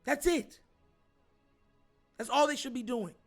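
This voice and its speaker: Male host, high voice, emphatic and animated sports rant, faint music underneath. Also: slow pace. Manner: animated and emphatic, addresses viewers as y'all. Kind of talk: sports opinion monologue.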